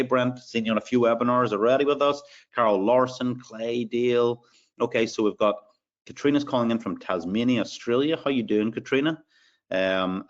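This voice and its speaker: A man's voice: medium pitch, highs cut off. A man with an Irish accent hosting a live sales webinar, upbeat as he reads out attendees' names. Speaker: webinar host.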